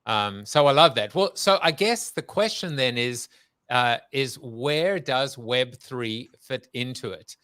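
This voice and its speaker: A man's voice: mid-range voice, lively intonation, slow pace, fairly bright tone, clean tone, no echo. A man hosting an interview, telling a story loosely with plenty of fillers. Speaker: podcast host. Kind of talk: conversational interview.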